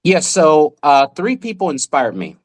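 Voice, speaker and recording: Animated storytelling man in his forties. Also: a little high, measured pace. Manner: animated, vivid anecdote telling. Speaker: guest magician and former child actor. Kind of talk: casual podcast storytelling.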